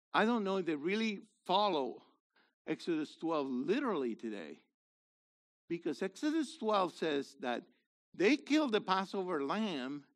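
A male congregation leader preaching with a high, lively voice that swoops up and down. He questions his listeners directly and presses his points with emphatic force. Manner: animated, rhetorical questions to congregation, rises to emphatic shouts. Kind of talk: sermon.

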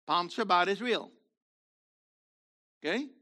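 A man in his seventies with a worn, gravelly voice, preaching a fiery sermon that swings from low murmurs to shouts. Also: expressive, takes it slowly. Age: 70s. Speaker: messianic rabbi.

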